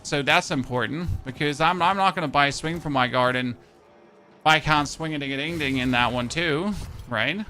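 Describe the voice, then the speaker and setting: A German-accented man in his thirties chats and jokes with his viewers while he plays. His voice sits a little high and turns gravelly at the ends of phrases. Game music plays clearly underneath. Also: normal speed, sharp tone. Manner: chatty, jokey, answers chat. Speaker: game streamer. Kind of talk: casual live-stream chat. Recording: music playing behind.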